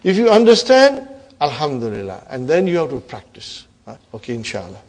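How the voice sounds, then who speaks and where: A man teaching an online Arabic grammar class, encouraging his students and often checking in with a quick "huh?". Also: medium pitch, huge pitch swings, a little mellow. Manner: addresses students as brothers and sisters.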